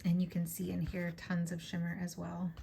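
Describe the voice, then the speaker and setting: A woman with a scratchy, hoarse voice chatting in a relaxed, enthusiastic way, with plenty of fillers. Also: lowish voice, moderate pace. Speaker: fountain pen vlogger. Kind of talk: casual show-and-tell.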